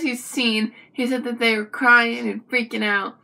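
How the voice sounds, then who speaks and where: A young woman vlogger telling a personal story to the camera in a chatty, animated way, with frequent asides to the viewer. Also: on the high side, measured pace, vocal fry, few pauses, background noise.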